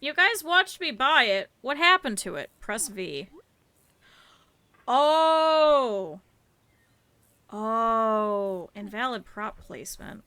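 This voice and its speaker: A woman's voice: a little high, animated, normal speed, hardly any pauses, bright, forceful tone. A woman streamer chatting to her viewers over gameplay, swearing freely and reacting to the game as she plays. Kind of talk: casual gameplay commentary.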